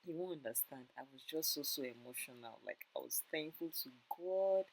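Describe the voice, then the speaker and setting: A woman's voice: rumbling low, expressive, moderate pace, vocal fry, slight background noise, low-quality recording. A woman narrating her family's travel vlog in a casual, emotional way, often repeating herself. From Nigeria. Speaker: vlogger.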